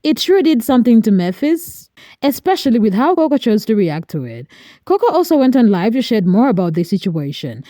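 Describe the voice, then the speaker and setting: Woman narrator for a gossip recap; higher voice, mellow tone, dry close sound. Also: a little fast, no room sound. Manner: steady, explanatory gossip recap. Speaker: commentary narrator. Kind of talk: scripted narration.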